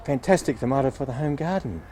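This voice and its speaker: A man working as a nurseryman, explaining gardening steps with patient, cheerful energy. His pitch moves a lot as he talks, and faint outdoor traffic sits behind him. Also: lively intonation, fast, dark tone. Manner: patient, upbeat explaining while digging and planting. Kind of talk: garden how-to demonstration.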